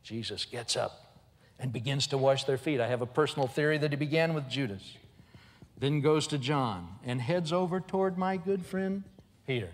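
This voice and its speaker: A man with a medium-pitched voice at normal speed gives a humorous, animated storytelling sermon in a church, playing out his characters' voices. The acoustics suggest a big room.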